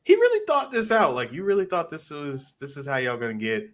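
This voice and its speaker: A man co-hosting a podcast film discussion, telling scenes with loud acted-out quotes and lots of restarts to keep the floor. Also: on the high side, big pitch swings, a little fast. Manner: stammers and restarts to hold the floor. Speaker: podcast co-host.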